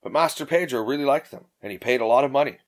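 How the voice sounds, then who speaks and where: A man's voice: medium pitch, fast talker, natural voice. A man voicing a frightened young princess in an audiobook, stammering nervously. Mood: anxious.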